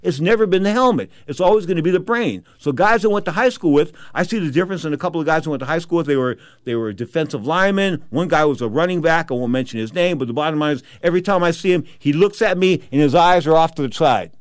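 A man's voice: fairly high pitch, expressive, fast talker, few pauses, no room sound. A middle-aged man telling boxing stories in a casual, emphatic monologue, often checking in with "okay?". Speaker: boxing commentator.

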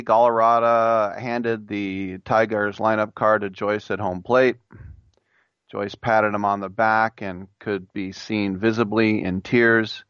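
A middle-aged man hosting a sports talk show, animated and joking, acting out quoted voices as he rants. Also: lowish voice, smooth, no room sound, highs cut off. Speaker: sports radio host. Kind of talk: solo sports talk monologue.

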